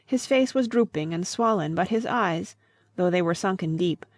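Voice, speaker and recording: A woman narrating a classic novel as an audiobook in a calm, measured way. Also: fairly low pitch, no echo, clean studio sound. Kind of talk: scripted narration.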